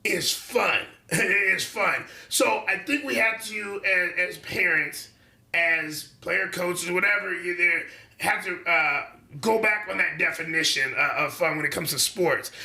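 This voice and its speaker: A man's voice: high-pitched, a little slow, gravelly, sharp tone. A man co-hosting a coaching podcast, explaining earnestly with some hesitations. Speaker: podcast co-host, basketball coach. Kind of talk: casual podcast chat. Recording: roomy echo from a distance.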